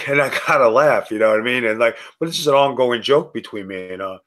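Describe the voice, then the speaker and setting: A man in a casual podcast conversation as the guest, telling stories emphatically and rising sharply in pitch when he stresses a point. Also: a little fast, fairly bright tone. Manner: storytelling, acts out quoted dialogue.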